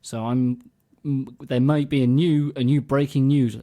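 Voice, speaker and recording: A man's voice: mid-range voice, fairly even intonation, a little slow, mellow. A man co-hosting a casual music podcast, explaining things at length in a chatty way. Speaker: podcast co-host.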